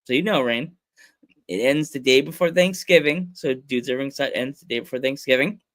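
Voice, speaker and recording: It's a casual podcast chat led by a male host whose voice sits in the mid-range and moves at normal speed. He rambles through stories, restarting often and laughing, and brings them to life with comic voices and sound effects.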